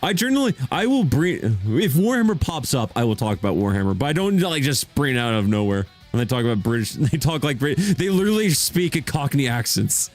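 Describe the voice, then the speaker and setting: A man's voice: medium pitch, big pitch swings, a little fast, few pauses, faint music behind. A man streaming as a VTuber in a casual chat, talking with rambling enthusiasm and frequent restarts.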